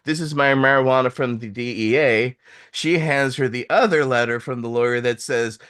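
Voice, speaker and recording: Male host, casual storyteller, animated, middle pitch. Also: normal speed, smooth. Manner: animated, swearing, acts out quoted voices.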